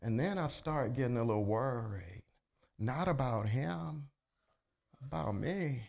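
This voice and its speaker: A man preaching a sermon, telling a personal story in a humorous, conversational way that builds from quiet, low storytelling to loud, excited shouting. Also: unhurried, gravelly. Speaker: pastor. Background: congregation laughter.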